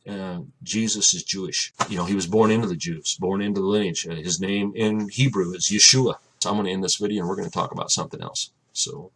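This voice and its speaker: A man giving an earnest, reflective personal talk about his faith to the camera, often trailing off quietly. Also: low voice, steady tone, quick pace, few pauses, a little hiss or hum. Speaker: Christian vlogger.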